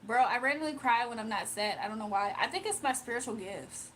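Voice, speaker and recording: A young woman from Virginia hosting a casual livestream, reading comments aloud, emotional and quick to laugh. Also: a little high, lively intonation, a bit bright, a little hiss or hum. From Virginia, USA. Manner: emotional, giggly, talks to chat. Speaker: livestream host.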